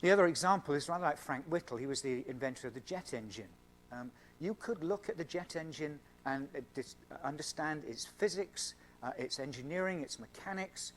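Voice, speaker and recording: A scientist with a slightly high voice speaks expressively and briskly in an earnest evening talk to a student Christian group at a university event. He explains with everyday examples and stresses key words, and the audio has a little hiss or hum.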